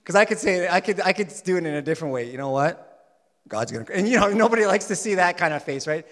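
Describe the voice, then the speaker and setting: Animated preacher man in a reverberant hall. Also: high voice, fast. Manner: animated, swings from loud emphasis to soft asides. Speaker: pastor. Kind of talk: sermon.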